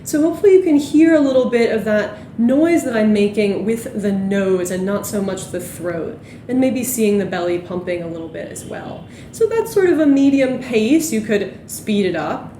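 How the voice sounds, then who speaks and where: A young woman teaching a yoga class, gently cueing breath and movement. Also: mid-range voice, lively intonation, moderate pace, hardly any pauses, roomy sound, slight background noise. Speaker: yoga instructor. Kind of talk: guided yoga class instruction.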